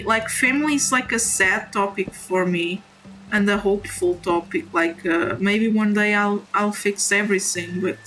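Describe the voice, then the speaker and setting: A woman with a non-native English accent chatting candidly on a live stream while gaming, halting and apologetic. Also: medium pitch, a bit bright, poor audio.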